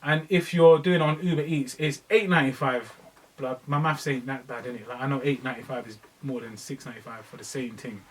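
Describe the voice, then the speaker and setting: A young man, co-hosting a podcast in casual chat, telling stories in lively slang. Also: medium pitch, a little fast, recorded from a distance, slight background noise, poor audio. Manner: slangy, animated storytelling. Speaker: podcast co-host.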